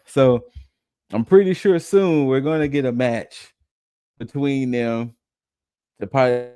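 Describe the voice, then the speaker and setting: Co-hosting a wrestling podcast, this young adult man casually runs through what happened, chatting loosely and voicing quotes in passing. He speaks at a measured pace with a medium-pitched, mellow voice. The tone is clean and there's no echo.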